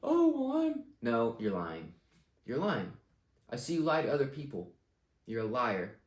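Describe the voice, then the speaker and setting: A man's voice: mid-range voice, sing-song, measured pace. Young man, blunt, profane, confident, casual advice rant, echoey room. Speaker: vlogger giving life advice.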